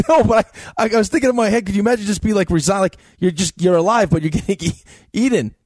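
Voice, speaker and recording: A man co-hosting a sports radio show, teasing his partner and telling quick stories. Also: high voice, darkish tone, dry recording, studio quality. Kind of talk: casual studio banter. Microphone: studio microphone.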